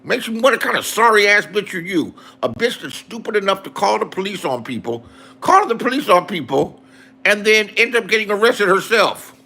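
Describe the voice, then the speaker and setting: Guy going off on a profane rant, high bright voice, keeps repeating insults. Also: very animated, moderate pace, creaky. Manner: angry, profane, repetitive insults. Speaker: online streamer.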